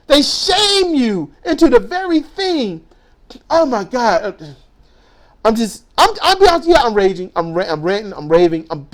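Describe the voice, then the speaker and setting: High-voiced angry woman ranting. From United States. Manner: heated, profane, emphatic, repeats words when worked up. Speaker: YouTuber.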